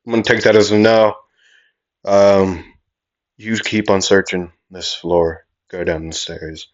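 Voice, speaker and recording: A man's voice: deep voice, flat delivery, unhurried. A young man casually narrating an improvised what-if anime story, rambling and playful, making his own sound effects. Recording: dull lo-fi home mic.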